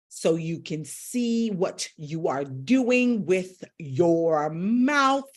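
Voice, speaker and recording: Animated woman vocal coach teaching live. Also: fairly low pitch. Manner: animated, coaching directly to viewers. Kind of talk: live-streamed voice lesson.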